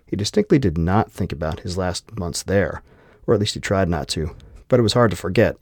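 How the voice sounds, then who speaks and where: A man reading a novel aloud with steady, measured storytelling. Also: low-pitched, dry recording, clean studio sound. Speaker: narrator. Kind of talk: scripted audiobook narration.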